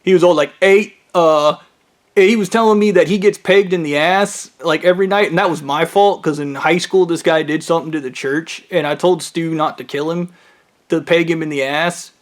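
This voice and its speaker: A man telling a rambling, profane personal story as a monologue, jumping between tangents. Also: on the high side.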